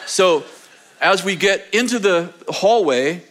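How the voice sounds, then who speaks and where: A man with a high, light voice preaches through a personal story. He tells it in an animated way, laughter breaking into his words as he goes. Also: slow. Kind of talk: sermon testimony storytelling.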